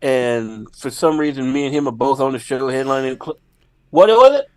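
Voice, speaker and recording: A male comedian, a guest on a podcast, telling a story in a lively, laughing way. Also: mid-range voice, moderate pace, clean tone, no room sound.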